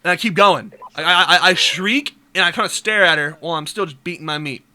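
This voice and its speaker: A young man vlogger telling a crude comic story, animated and fond of mimicking voices. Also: on the high side, fast talker. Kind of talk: comedic storytelling vlog.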